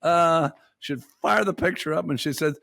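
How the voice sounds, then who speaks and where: A man's voice: fairly high pitch, normal speed, vocal fry, a bit bright, dry recording, studio quality. A man hosting a podcast, telling a crude, exasperated story in profane bar-talk style. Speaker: podcast host. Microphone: studio mic.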